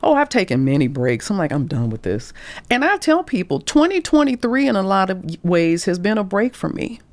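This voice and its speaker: This middle-aged career coach talks a little fast in a medium-pitched voice, telling candid stories on a podcast. She's lively, acts out the speech she quotes, and falls to whispers at times, with no echo in the recording.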